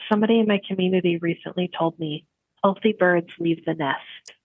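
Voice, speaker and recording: A middle-aged woman co-hosting a casual podcast chat, telling lively stories and laughing often. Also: on the low side, a little fast, breathy edge, dry recording, phone-quality sound. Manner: animated storyteller, laughs often. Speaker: podcast co-host.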